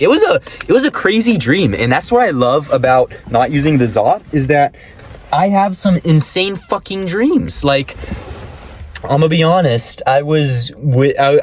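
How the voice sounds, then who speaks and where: A man's voice: medium pitch, slight background noise. A young man rambling in a casual vlog, swearing often and telling stories animatedly. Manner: profane, rambling, animated storytelling. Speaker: vlogger.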